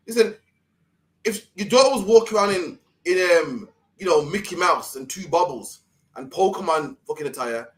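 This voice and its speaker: A man co-hosting a live stream, ranting emphatically and swearing in casual commentary. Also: a little high. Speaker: stream show co-host.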